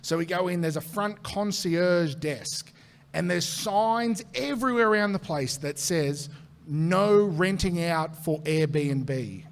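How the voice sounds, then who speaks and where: A man with an Australian accent, a comedian guest telling a long comic anecdote to a live audience, animated and swearing as he acts out the voices in it. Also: high-pitched, slow pace.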